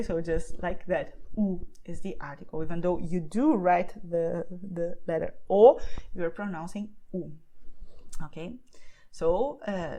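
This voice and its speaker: A woman's voice: lowish voice, warm tone, poor audio. Brazilian-accented woman teaching a language lesson. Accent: Brazilian Portuguese. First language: Portuguese. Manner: explains patiently, often checks in with a questioning "okay?".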